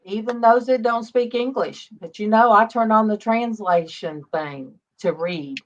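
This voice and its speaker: A woman's voice: fairly high pitch, a little slow. A woman in her fifties hosting a casual faith livestream, chatty and greeting viewers by name. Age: 50s. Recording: dull lo-fi stream audio.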